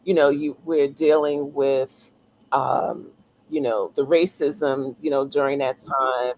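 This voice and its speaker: A woman author being interviewed, talking thoughtfully with frequent pauses, ums and restarts. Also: a bass voice, steady tone, a little mellow, poor audio. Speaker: author guest. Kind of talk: casual interview talk.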